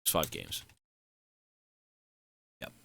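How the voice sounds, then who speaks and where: A male live streamer chatting casually and thanking donors, excitable and effusive, swearing freely. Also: extremely slow, a little hiss or hum.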